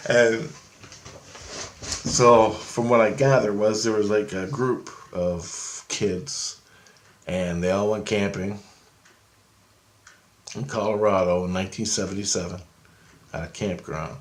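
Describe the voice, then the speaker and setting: A man telling a story in casual, rambling style, growing excited and swearing freely. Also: on the low side, slow, long pauses. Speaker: vlogger.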